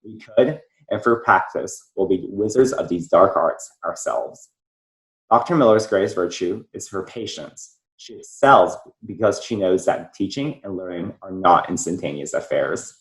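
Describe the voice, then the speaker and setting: A teenage boy reads a prepared speech in a measured, formal way. His voice sits very low, and the sound is roomy and echoey. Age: teens. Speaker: student.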